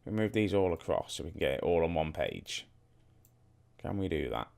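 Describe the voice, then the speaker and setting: Young man, very low voice, casual gaming commentary, chatty, thinks aloud, talks to viewers. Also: very animated, normal speed, gravelly, a little mellow. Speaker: gaming YouTuber. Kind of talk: casual let's-play commentary.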